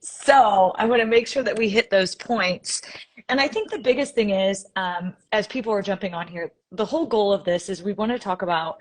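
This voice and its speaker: A young woman hosts a casual live stream over a video call. She is bubbly and chatty, laughing easily between points, and her voice sits at an ordinary middle pitch. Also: normal speed. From Indiana.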